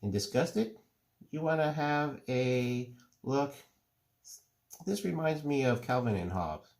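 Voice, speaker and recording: A middle-aged man calmly explaining, step by step, how to draw cartoon faces. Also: mid-range voice, creaky. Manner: relaxed, unhurried step-by-step explaining. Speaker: drawing teacher. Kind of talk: casual drawing tutorial.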